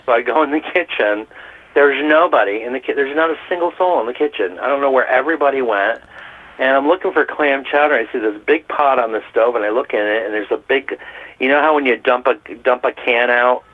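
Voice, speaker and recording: A man telling funny work stories in casual chat, animated and laughing often, heard over a phone line. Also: mid-range voice, brisk, a little hiss or hum. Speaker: guest. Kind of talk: casual storytelling.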